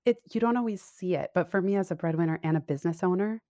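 A woman's voice: on the low side, quick pace, mellow, dry recording, studio quality. A woman speaking as an interview guest over a remote call, reflective and candid, laughing easily and often restarting her sentences. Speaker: guest, career coach and business owner. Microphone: remote call audio.

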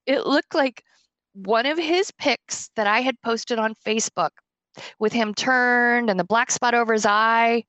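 A woman's voice: a little high, moderate pace, no echo. A woman hosting a podcast, telling a personal story with feeling and frequent laughter. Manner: emotional, laughs often, animated storytelling. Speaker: podcast host.

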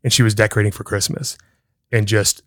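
A man's voice: on the low side, flat delivery, a little fast, a bit bright, dry recording, studio quality. A middle-aged man hosting a podcast, telling a story in casual chat, laughing often and acting out the voices in it. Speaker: podcast host.

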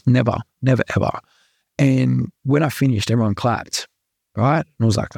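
Gravelly Australian man telling his story. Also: medium pitch, steady tone, brisk, a little mellow, no echo, clean studio sound. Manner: earnest, repeats himself, full of likes and rights. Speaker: podcast guest. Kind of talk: candid storytelling.

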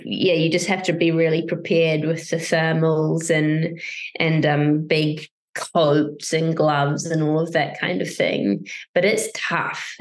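A young woman with a New Zealand accent, chatting as an actor guest in an interview, with frequent fillers and light laughs. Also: low voice. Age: young adult. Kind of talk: casual interview chat.

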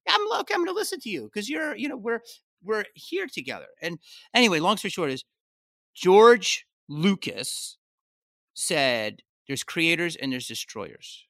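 In a brisk, creaky voice, this comedian guest on a podcast tells casual, lively stories, cursing and leaping into high-pitched outbursts. The recording is dry and of studio quality.

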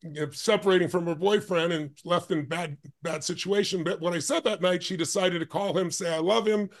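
A man telling a story as a podcast guest, his voice pitched somewhat high for a man. He talks with strong emphasis and rushes ahead in fast bursts. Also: steady tone. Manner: emphatic, intense, speeds up in bursts. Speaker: guest, life and business strategist.

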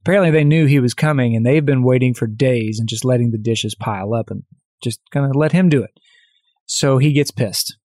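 A man hosting his own coaching podcast, telling a story in a direct, energetic, conversational way. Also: medium pitch, fairly quick, no echo, clean studio sound.

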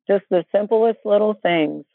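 A woman guest telling personal faith stories in a casual, animated way, acting out what people said. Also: mid-range voice, a little slow, vocal fry, no room sound. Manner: animated, acts out quoted voices. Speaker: guest storyteller. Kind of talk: casual testimony storytelling. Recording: tinny phone line, dry.

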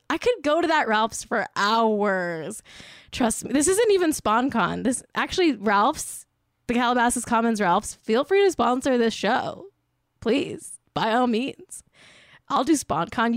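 A woman's voice: on the high side, expressive, unhurried, no echo, studio quality. A young woman hosting a podcast, chatting casually in a giggly, rambling, playful way. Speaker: podcast host. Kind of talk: casual chat.

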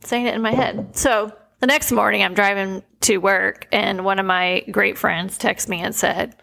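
Earnest gravelly-voiced woman chatting. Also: medium pitch, fairly even intonation, moderate pace, bright, forceful tone. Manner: earnest, emotional, peppered with "like". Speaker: podcast host. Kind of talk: casual conversational storytelling.

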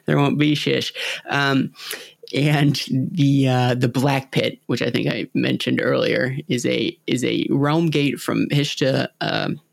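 Creaky-voiced, hesitant male podcast host. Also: mid-range voice, steady tone, slow, dry recording. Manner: hesitant, many ums and restarts. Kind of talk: casual chat.

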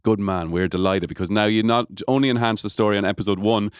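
A man's voice: lowish voice, quick pace, clear, resonant tone, no room sound, studio quality. An Irish man hosting a podcast, telling a story and chatting casually with his co-hosts. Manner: lively storyteller who jokes with co-hosts. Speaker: podcast host.

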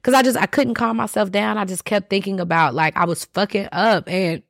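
A woman's voice: medium pitch, a little fast, gravelly, dry recording, clean studio sound. A woman hosting a solo podcast, talking candidly and emotionally straight to her listeners. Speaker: podcast host.

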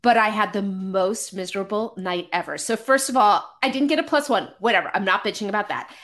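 A woman, a podcast guest, telling stories in a casual, animated, self-deprecating way with many restarts. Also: medium pitch, fairly quick. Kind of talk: casual storytelling.

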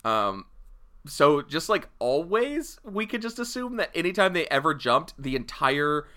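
A man co-hosting a casual podcast, with a bright, forward voice. His pitch rises and falls a lot as he rambles, laughs and swears freely. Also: very animated, a little slow. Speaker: podcast co-host. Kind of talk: casual chat.

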